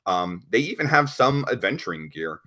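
A man narrating as game master of a tabletop game, relaxed and rambling with many fillers and restarts. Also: mid-range voice, normal speed.

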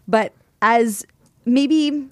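A woman's voice: on the high side, drawn-out words, dry recording. A woman from Canada co-hosting a podcast, chatty, with hesitant restarts and frequent laughs. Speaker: podcast co-host. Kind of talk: casual chat.

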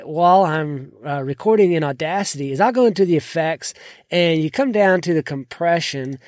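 A man's voice: expressive, normal speed, a little mellow, no room sound, clean studio sound. A man hosting a podcast, casually walking through his recording apps in a tutorial and trailing off at the ends of sentences. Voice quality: not a deep voice. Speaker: podcast host. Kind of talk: casual screen-share tutorial. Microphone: desk microphone.

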